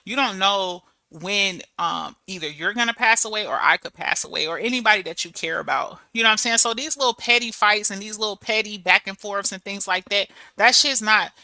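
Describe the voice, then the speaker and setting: A woman in her thirties chatting casually to her viewers, telling stories in a lively, animated way. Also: mid-range voice, brisk, hardly any pauses, no echo. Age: 30s. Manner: chatty, storytelling, animated with laughs and quoted voices. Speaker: channel host. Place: abroad in Germany.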